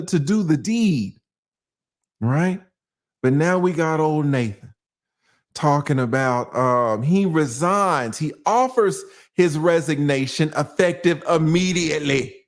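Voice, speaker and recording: A male attorney giving casual legal commentary, telling it like a story with rhetorical questions and slangy asides. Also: high-pitched. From United States.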